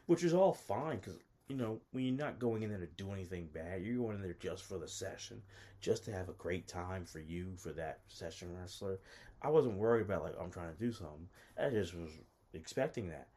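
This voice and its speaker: A man's voice: deep voice, a little fast, darkish tone. A man telling a casual personal story in a rambling, self-interrupting way, full of fillers and restarts. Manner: nervous, self-conscious.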